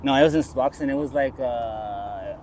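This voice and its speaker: The voice here belongs to a man with a mid-range, slightly mellow sound and a moderate pace. Being interviewed by a busy street with traffic noise, he tells a meandering personal story, acting out what others told him.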